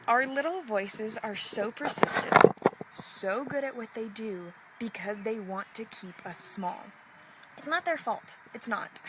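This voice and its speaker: A woman's voice: on the high side, noisy background. A woman life coach talking in a casual motivational live stream, earnest and encouraging. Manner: earnest and encouraging, slow and reflective. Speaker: life coach hosting a live video session.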